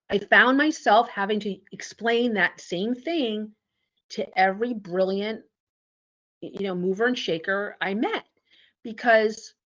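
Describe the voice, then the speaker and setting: A woman, a company founder, telling lively stories in an interview and acting out the dialogue. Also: medium pitch. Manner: animated storyteller acting out dialogue. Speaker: guest, founder and CEO. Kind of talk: casual interview storytelling. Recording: dull lo-fi audio.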